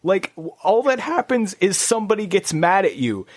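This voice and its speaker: A man co-hosting a gaming podcast, telling a rambling story in casual chat with lots of restarts and sudden jumps in pitch. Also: big pitch swings, normal speed, no echo. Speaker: podcast co-host. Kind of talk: casual chat about video games.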